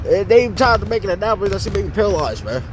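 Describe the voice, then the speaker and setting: A man's voice: high-pitched, very animated, very fast, background noise. A man voicing his wrestler character in an amateur game story, stammering and repeating himself.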